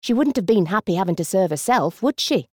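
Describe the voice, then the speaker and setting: A woman's voice: medium pitch, lively intonation, brisk, no room sound, clean studio sound, natural voice. Woman narrator as a huffy, blunt coworker. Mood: scornful. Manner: huffy, scornful.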